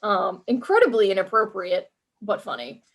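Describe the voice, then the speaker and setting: A woman's voice: medium pitch, sing-song, normal speed. A woman co-hosting a podcast in casual gaming chat, chatty, swearing freely and acting out her own reactions as she talks. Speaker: podcast co-host.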